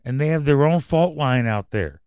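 A man's voice: a little high, animated, normal speed, darkish tone, clear, resonant tone, no room sound. A man hosting a casual news commentary podcast, reading headlines and then going off on profane, rambling rants. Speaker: podcast host.

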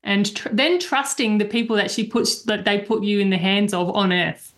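A woman's voice: medium pitch, moderate pace, fairly bright tone. A woman hosting a podcast, summing up and affirming her guest's points in a casual interview. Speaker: podcast host.

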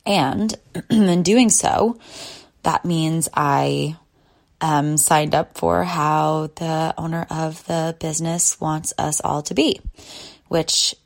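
Slow, low, gravelly-voiced woman. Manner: slow, relaxed and soft-spoken, with frequent pauses and sighs. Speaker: podcast host. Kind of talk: solo podcast chat. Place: lying in bed at home.

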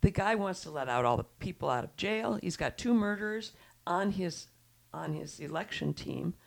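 A woman's voice: on the low side, expressive, normal speed, creaky. A middle-aged woman giving casual, indignant political commentary as a show regular, talking in long run-on sentences. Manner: chatty, indignant, breathless run-on talk.

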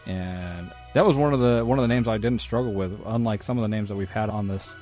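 A man's voice: on the low side, fast, a little mellow, faint music behind. A man co-hosting a podcast in casual chat, laughing a lot while reading things aloud. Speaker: podcast co-host.

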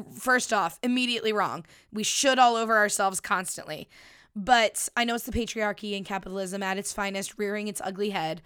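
On her solo podcast, a woman in her thirties talks in a playful, laid-back way, swearing often into a studio microphone. Her voice is medium in pitch, fairly quick, fairly bright and clean.

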